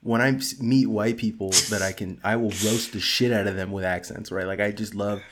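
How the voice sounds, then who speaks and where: A man's voice: fairly low pitch, fairly even intonation, a little fast, background noise. Joking man who loves doing accents. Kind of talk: casual chat.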